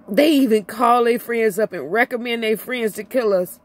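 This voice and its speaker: A middle-aged woman from Illinois vlogging an impassioned personal rant, emotional and near tears, her voice swinging from high to low as she repeats herself. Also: normal speed, hardly any pauses.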